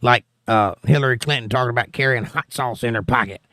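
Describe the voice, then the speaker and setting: Fast, pushed and bright, his mid-range voice carries a Southern accent. He hosts a casual political livestream, reading comments aloud with wry, joking asides, and the sound is clean, studio-grade and echo-free.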